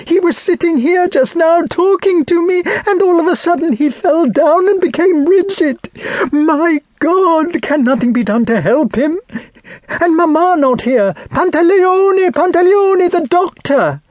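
A young woman's voice, high and breathless, frantic, pleading, audiobook character, dry close sound. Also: lively intonation, measured pace, darkish tone, no room sound. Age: young adult. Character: desperate nineteen-year-old girl, impetuous and frantic.

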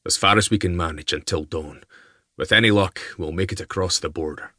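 A male audiobook narrator voicing a wounded Highland knight who speaks bluntly and commandingly. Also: fairly quick, pushed and bright, no echo, studio quality. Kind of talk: audiobook character voice.

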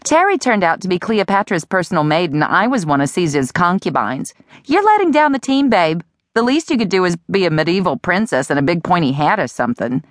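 A woman's voice: lowish voice, big pitch swings, a little fast, dry recording, clean studio sound. A woman narrator voicing a brash, teasing young woman friend in an audiobook.

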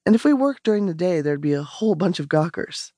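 A woman voicing a calm young male investigator, speaking softly and low, almost whispering. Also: fast talker, no room sound, clean studio sound. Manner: soft, low, nearly whispering.

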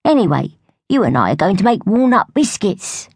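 A woman voicing a kindly old male squirrel grandfather with a cosy, lively manner. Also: medium pitch, moderate pace, gravelly, husky, no echo, studio quality, voice pushed up, exaggerated voice.

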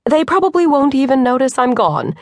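A woman narrator voicing a confident young woman who runs a construction firm, brisk and teasing in her manner. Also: high voice, big pitch swings, no room sound, pitched above the performer's own voice.

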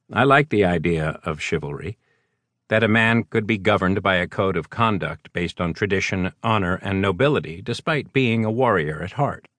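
A man reading a first-person novel as an audiobook narrator, measured and wry. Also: low voice, fairly bright tone, dry recording.

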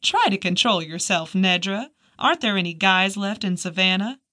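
A dry, wry heroine, as a woman narrator reads her in a mid-pitched, even voice close to the reader's own. She teases her friend in easy banter. It is an audiobook reading. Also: moderate pace.

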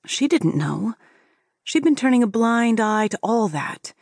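A woman narrating an audiobook with steady, expressive storytelling. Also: a little high, unhurried, no room sound, clean studio sound.

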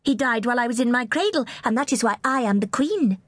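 Actress as a spirited child queen, high, bold and quick-tempered. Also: lively intonation, no echo. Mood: defiant.

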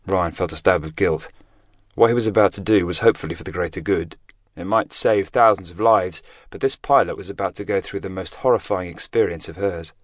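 Deep voiced guy reading an audiobook, steady, dry close sound. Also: dry recording. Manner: steady, measured storytelling. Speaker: audiobook narrator. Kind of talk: scripted narration.

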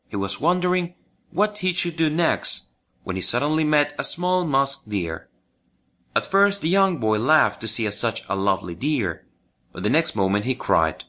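A man narrating a children's folk tale audiobook in an expressive storytelling manner. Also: mid-range voice, normal speed.

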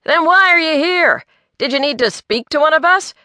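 A blunt, outspoken man with a sharp, teasing edge, voiced by a woman narrator. The voice sits bright and lifted, in a dry booth sound. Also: on the high side, expressive, unhurried, dry recording, voice pushed up. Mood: needling.

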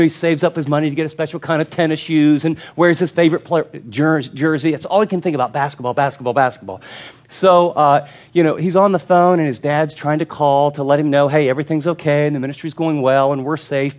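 A man's voice: a little high, fairly even intonation, a little fast, darkish tone. Earnest male preacher telling a story. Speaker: pastor. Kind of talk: sermon.

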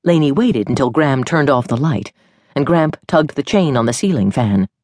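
A woman narrating an audiobook novel in an expressive storytelling manner. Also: rumbling low, moderate pace, dry recording, clean studio sound.

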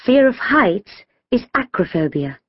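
A woman's voice: medium pitch, lively intonation, moderate pace, muffled recording, lightly acted. A woman voicing an authoritative, know-it-all schoolgirl in a children's audiobook.

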